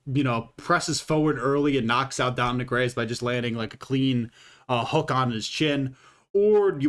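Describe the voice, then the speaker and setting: A man's voice: medium pitch, a bit bright. A man giving casual, rambling commentary, swearing freely and filling his talk with "uh" and "like". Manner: profane and rambling, with many fillers. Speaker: YouTube fight commentator.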